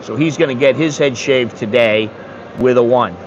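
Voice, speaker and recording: A man's voice: mid-range voice, moderate pace, highs cut off, a little hiss or hum. A man in his sixties from the United States, rambling bluntly and with some swearing in a casual livestream chat. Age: 60s. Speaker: streamer.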